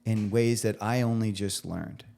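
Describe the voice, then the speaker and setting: A man's voice: on the low side, fairly even intonation, unhurried, vocal fry, warm tone. A man in his forties, a guest chef talking earnestly on a podcast, often restarting as he searches for words. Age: 40s. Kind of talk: reflective podcast conversation.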